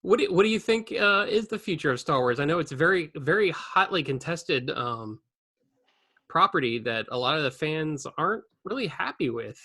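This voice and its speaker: Male host, bright tense voice, slightly high, halting, video call. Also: lively intonation, breathy edge. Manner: halting, many fillers. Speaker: podcast host. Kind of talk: casual podcast chat.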